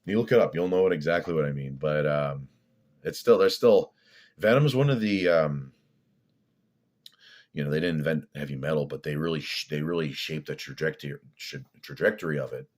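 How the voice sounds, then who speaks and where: A fitness vlogger with an extremely deep, darkish voice rambles through a loose monologue at a slightly quick pace. He's blunt and profane, drifting between thoughts with lots of filler.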